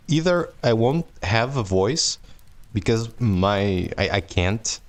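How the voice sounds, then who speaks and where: Man, live-stream book reader, very low voice, slow, laid-back, swears and laughs a lot, casual chat. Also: animated. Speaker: streamer reading a novel aloud.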